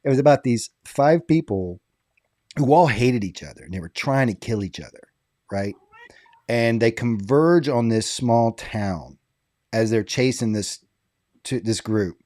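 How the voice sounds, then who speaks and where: A man with a medium-pitched voice tells a lively story, laughing between his lines. The recording is dry and close, with no room sound around him. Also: unhurried, no room sound. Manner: animated, laughing anecdote-teller. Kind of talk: casual storytelling chat.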